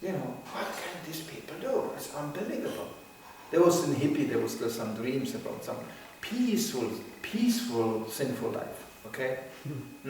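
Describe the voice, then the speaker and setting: An older man giving an informal religious lecture in a theatrical, animated way. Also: mid-range voice, normal speed, slight background noise. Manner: animated, theatrical, acts out voices. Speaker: spiritual teacher. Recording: echoey room, mic at a distance.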